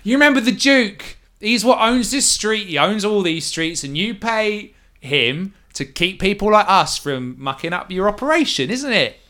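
A man's voice: sits high, expressive, moderate pace, hardly any pauses, pushed and bright, voice pushed up. Man doing a thick-accented street ruffian. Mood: cocky. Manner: thick put-on accent, chummy. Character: blustering male street ruffian, cocky.

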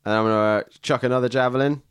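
A man's voice: medium pitch, fairly even intonation, quick pace, clear, resonant tone, no room sound. A man playing a tabletop game, chatting and joking as he describes what his character does. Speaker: player. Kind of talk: casual tabletop game play.

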